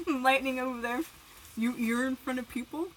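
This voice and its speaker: Young female streamer, bright voice, giggly, chatty, casual livestream banter. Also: high voice, expressive, slow pace, a little hiss or hum, poor audio. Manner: giggly, chatty, greets viewers by name; self-conscious, eating while talking.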